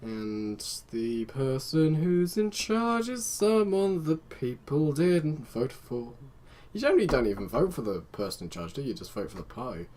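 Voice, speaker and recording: A young man chatting away as he plays a strategy game, thinking aloud and wandering off on tangents. His voice sits at a middling pitch, and a faint hiss of noise lies under it. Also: sing-song, moderate pace, darkish tone. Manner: rambling, chatty, talks to himself. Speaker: let's play host. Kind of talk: casual gameplay commentary.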